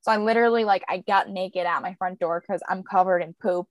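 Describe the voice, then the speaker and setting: A young woman co-hosting a podcast, telling a lively story about her baby in casual chat with animated, expressive delivery. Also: a little fast, no room sound. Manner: animated storyteller, squeaky voices for quoted baby. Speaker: podcast co-host; young mother.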